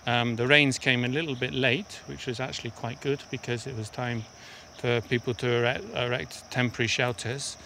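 A man's voice: mid-range voice, level tone, moderate pace, hardly any pauses, pushed and bright, slight background noise. A man working as an aid worker, explaining things step by step in a field interview on a mountain path. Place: outdoors on a steep mountain path.

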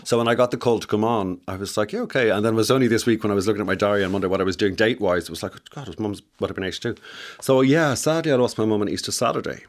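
A man's voice: lowish voice, very fast, hardly any pauses. An Irish man chatting as a guest in a radio studio, camp and anecdotal, laughing often. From Ireland. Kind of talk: casual radio interview chat.

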